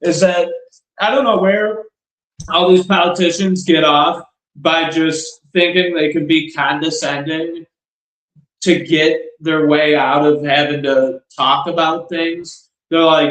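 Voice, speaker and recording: A man's voice: fairly high pitch, steady tone, slow, fairly bright tone. A man co-hosting a podcast, recounting events in a sarcastic, mocking way. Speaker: podcast co-host. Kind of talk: casual political discussion. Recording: roomy echo.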